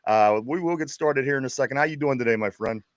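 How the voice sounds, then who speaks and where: A man's voice: mid-range voice, fast, dry recording, studio quality. A man from Pittsburgh with a Pittsburgh accent, co-hosting a casual sports chat show, rambling and laughing as he stumbles over his words. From Pittsburgh, USA. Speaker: podcast co-host.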